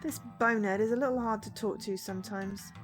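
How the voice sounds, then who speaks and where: A woman voicing a short-tempered sushi restaurant owner in a game, scolding and sharp. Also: medium pitch, steady tone, a little fast, soft background music, natural voice.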